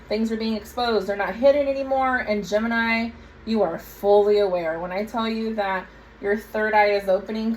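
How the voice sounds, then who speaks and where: A woman reads tarot cards for her audience in a loose, chatty way, talking straight to the viewers. Her voice sits at a middling pitch. A faint hum of room noise runs under her. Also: rough recording. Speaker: tarot reader. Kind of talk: casual tarot reading to camera.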